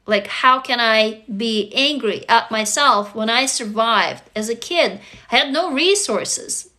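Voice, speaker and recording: Earnest, bright-voiced woman livestreamer. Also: on the high side. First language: not English. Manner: earnest, confessional, addresses viewers directly. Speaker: livestream host. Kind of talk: casual heartfelt livestream talk.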